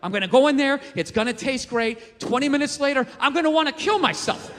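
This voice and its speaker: Man, forties, stand-up comic, very high voice, bright, profane rant, reverberant theater. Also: expressive, a little fast. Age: 40s. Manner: ranting, profane, incredulous. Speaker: stand-up comedian. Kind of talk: stand-up comedy set. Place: large theater stage. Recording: live theater, long reverb, crowd and noise.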